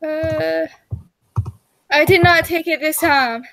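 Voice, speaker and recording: High-voiced, unhurried woman player. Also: steady tone, vocal fry, fairly bright tone, no room sound. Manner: casual, halting with fillers. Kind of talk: tabletop role-play narration.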